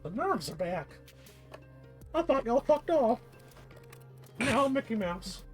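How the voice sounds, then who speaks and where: Excitable, jokey male streamer, lively pitch. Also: slow pace, soft background music. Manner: jokey, rambling, swears freely; self-mocking and excitable. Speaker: streamer and game master. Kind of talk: casual live-stream chat before a game.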